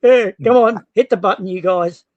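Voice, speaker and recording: A man with an Australian accent, loudly teasing viewers on a fan stream. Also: high-pitched, moderate pace, lo-fi sound. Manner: mocking, loud, teasing viewers. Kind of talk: casual banter.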